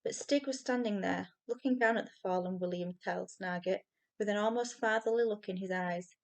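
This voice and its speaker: A woman reading a children's novel aloud with expressive storytelling. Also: mid-range voice, normal speed. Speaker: reader.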